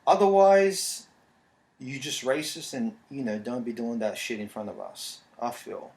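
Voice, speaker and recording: Brief: man, 30s, podcast host, rambling and relaxed, mid pitch, echoey room. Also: measured pace. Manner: rambling, relaxed, frequent fillers. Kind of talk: casual solo podcast talk. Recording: roomy echo.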